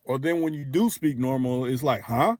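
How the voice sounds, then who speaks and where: Casual, profane livestream host. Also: male voice, mid-range voice, moderate pace, darkish tone, a little hiss or hum. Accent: African American English. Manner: loose, profane, conversational with frequent restarts.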